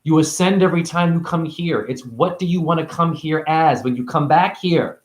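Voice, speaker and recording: A man giving a rambling spiritual monologue, free-associating and preachy, jumping between high exclamations and low mutters. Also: moderate pace, reverberant. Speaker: spiritual teacher.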